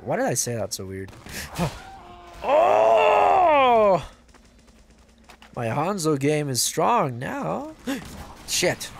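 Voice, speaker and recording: A man giving casual, excitable gameplay commentary as a video host, swearing and joking to himself. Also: medium pitch, slight background noise. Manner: excitable, yells and swears at the game; jokey self-talk.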